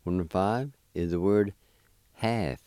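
A man teaching vocabulary as a host, spelling and repeating each word slowly and patiently, with a lilt. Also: low-pitched, warm tone, clear, resonant tone, dry recording, studio quality. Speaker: language teacher. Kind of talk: slow spelled-out language lesson.

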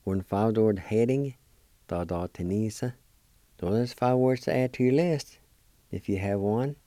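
A man hosting a weekly language lesson, spelling and pronouncing words slowly and repeating each syllable with care. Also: lowish voice, mellow, dry recording. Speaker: language teacher and program host.

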